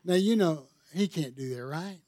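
A man's voice: lively intonation, normal speed, no room sound. An older man, preaching a sermon in church and telling stories with emphatic swells in force. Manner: emphatic storytelling, swelling louder and higher on key points. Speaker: pastor. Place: church sanctuary.

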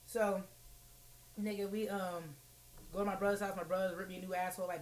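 A woman's voice: mid-range voice, little pitch movement, brisk, pauses often, a little hiss or hum. A woman co-hosting a casual podcast, telling a wild story with lots of profanity and acted-out quotes. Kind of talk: casual chat.

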